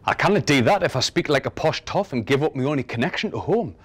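A defiant northern teenage schoolboy, proud and blunt, talking in a broad Northumbrian accent, played by a man in a dramatic story reading. His voice sits fairly high and swings widely in pitch. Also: animated, quick pace, slightly rough. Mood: cocky. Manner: blunt, cocky, dialect-heavy.

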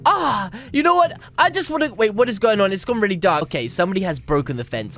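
A woman's voice: mid-range voice, sing-song, fast talker, few pauses, fairly bright tone. A woman making a gameplay video, narrating with dramatic commentary, scolding other players and letting out yelps and shrieks.

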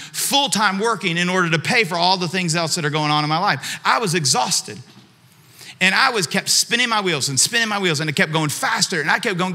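A man's voice: high-pitched, sharp tone. A man preaching a sermon as a pastor, telling a personal story and repeating phrases for emphasis.

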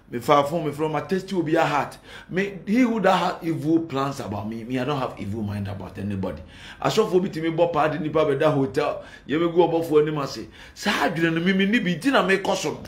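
Ghanaian male pastor, high voice, fiery and defiant, echoey room. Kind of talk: heated address to critics.

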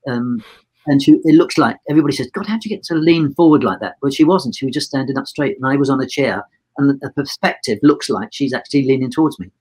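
Husky older man telling a rambling story. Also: mid-range voice, fast talker, a little mellow, poor audio. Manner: rambling storyteller who acts out dialogue with restarts. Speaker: photographer guest. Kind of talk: casual anecdote in a podcast interview.

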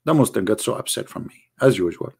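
A man's voice: mid-range voice, expressive, fast talker, vocal fry, a little mellow, breathy edge. A man with an Arabic accent, a native Arabic speaker, giving a sarcastic monologue as an online critic. He mocks his subject and keeps asking the viewers rhetorical questions. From Arab world. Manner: mocking, rhetorical, speaks straight to the audience.

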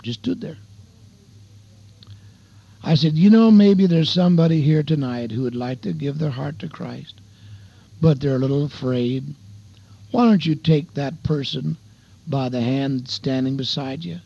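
An older evangelist delivers a folksy radio sermon, sharing a testimony and addressing listeners as beloved and dear friends, heard over a dull lo-fi broadcast. His voice is a little high and unhurried, with vocal fry, a breathy edge, and frequent pauses.

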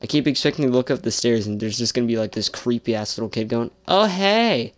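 A man's voice: mid-range voice, steady tone, fast talker. A young man casually commenting on a horror game he is playing, sarcastic and jumpy, swearing often. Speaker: gameplay streamer.

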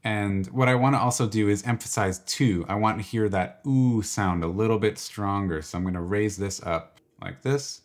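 A man presenting a software tutorial, explaining each step in a relaxed, exploratory way as he clicks through. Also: on the low side, normal speed, few pauses, a little hiss or hum. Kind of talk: software walkthrough.

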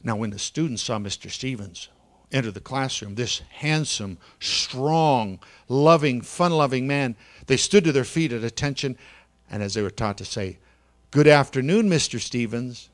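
A man telling a children's story in a church service, dramatic, moving between hushed and louder passages and slowing down for effect. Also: mid-range voice, expressive.

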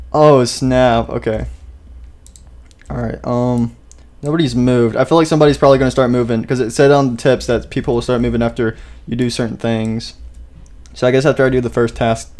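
A young gaming YouTuber with a medium-pitched, slightly mellow voice chats casually through his own let's-play gameplay. He talks to himself a lot and is easily startled.

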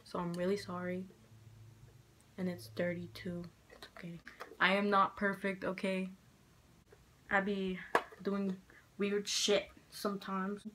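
A woman's voice: medium pitch, monotone, takes it slowly, pauses often, a bit bright, a little hiss or hum. Chatty sick young woman, foul-mouthed. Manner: chatty, frank, swears a lot. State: sick, slightly hoarse. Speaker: beauty vlogger. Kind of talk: casual makeup chit-chat. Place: room at home with poor lighting. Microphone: handheld mirror in one hand, camera fixed.

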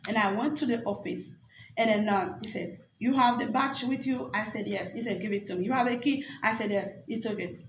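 A woman pastor giving an animated spoken testimony at a graduation service, acting out the dialogue as she tells it. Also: on the high side, fairly quick, reverberant, slight background noise, rough recording.

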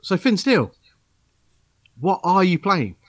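Podcast host with a dry, close sound. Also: male voice, high voice, big pitch swings, measured pace, fairly bright tone, no room sound. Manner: upbeat banter, laughs, stammering restarts. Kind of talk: casual chat.

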